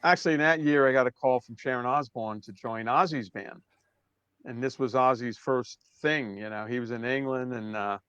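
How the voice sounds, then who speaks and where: A man in his sixties from Brooklyn with a New York accent, telling stories as an interview guest in a relaxed way that trails off softly. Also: mid-range voice, normal speed, clean tone, no echo, dull audio. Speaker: drummer guest. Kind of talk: casual interview storytelling.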